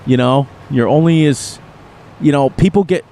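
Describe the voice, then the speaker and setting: A man's voice: on the high side, moderate pace, warm tone, slight background noise. A middle-aged man chatting casually to his audience on a live gaming stream, rambling and chuckling as he plays. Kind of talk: casual live-stream chat while playing a farming game.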